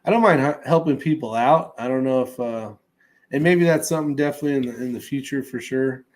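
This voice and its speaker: A man's voice: medium pitch, brisk. Laid-back man rambling on a livestream. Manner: relaxed, rambling, trailing off. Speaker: livestream host reading chat. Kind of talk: casual live chat.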